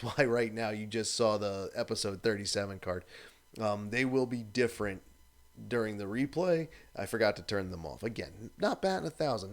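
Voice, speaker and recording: A man hosting a live stream, ranting in a casual, profane, exasperated way. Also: lowish voice.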